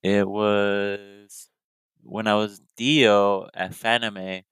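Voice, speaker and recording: A man chatting casually as a podcast guest, telling animated stories and acting out what people said to him. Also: lowish voice, extremely slow, clean tone, dry recording. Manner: animated storytelling, acting out quoted lines. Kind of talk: casual chat.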